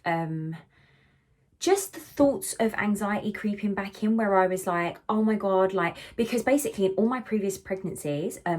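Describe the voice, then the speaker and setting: Candid young woman chatting. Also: on the low side. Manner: candid and animated, swearing freely, with lots of fillers. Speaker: vlogger. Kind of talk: casual chat to camera.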